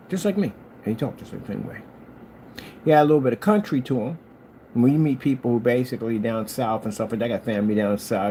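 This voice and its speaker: Animated rambling man with a mellow voice. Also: a little hiss or hum. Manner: animated storyteller, jumps high for quoted lines; scolding, talks straight to a critic. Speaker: channel host. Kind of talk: casual rambling monologue.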